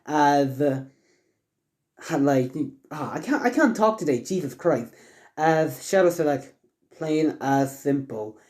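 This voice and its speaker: A man's voice: fairly high pitch, sing-song, measured pace, darkish tone. A man casually narrating a fan story, rambling and stumbling with lots of fillers.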